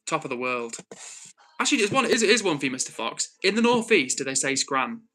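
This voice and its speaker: A young man with a Northwest English accent hosting a live stream, reading chat and calmly, earnestly lecturing a troll with many restarts. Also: a little high, quick pace. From Northwest England. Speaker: livestream host.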